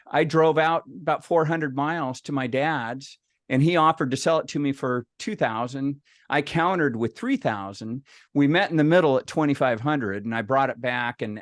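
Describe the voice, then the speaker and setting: A man's voice: mid-range voice, no room sound, studio quality. A middle-aged man telling a folksy personal story to a professional group, acting out the dialogue with frequent restarts. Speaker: speaker at a professional meeting. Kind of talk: personal anecdote told to a group.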